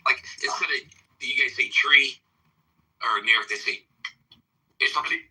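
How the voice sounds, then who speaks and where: A man's voice: mid-range voice, normal speed, bright, forceful tone, poor audio. A man who is a podcast guest, making wry jokes in casual banter. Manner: wry, joking.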